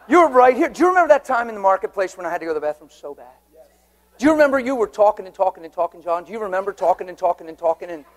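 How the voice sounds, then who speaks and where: Man, preacher, high-pitched, lively storytelling sermon, asks the crowd questions. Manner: lively storytelling with audience banter. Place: church hall before a congregation.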